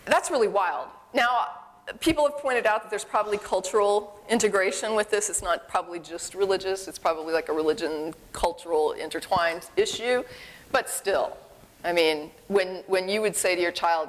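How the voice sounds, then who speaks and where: A woman's voice: lowish voice, moderate pace. A woman giving a live conference talk in a conversational, frank manner, reading letters and commenting on them. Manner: conversational, frank, exclamatory asides. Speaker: conference speaker. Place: conference hall with an audience. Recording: long reverb of a large hall.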